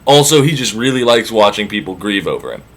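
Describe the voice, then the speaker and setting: A man's voice: on the low side, sing-song, brisk, a bit bright. A man retelling an old myth as comedy, casual, irreverent and profane. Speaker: storyteller.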